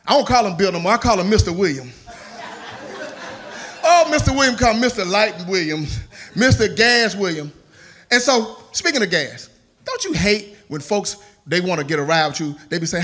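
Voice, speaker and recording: Male stand-up comic, high bright voice, playful and loose, live stage. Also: lively intonation, fast. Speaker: stand-up comedian. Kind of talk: stand-up comedy set. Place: comedy stage before a live audience.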